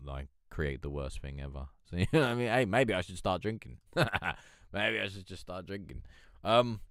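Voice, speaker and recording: Live-stream host, man, low droll Eeyore voice, casual and sweary, close dry mic. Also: a bit bright, clean tone, dry recording. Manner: chatty, swearing, laughing, reading chat aloud. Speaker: livestream host.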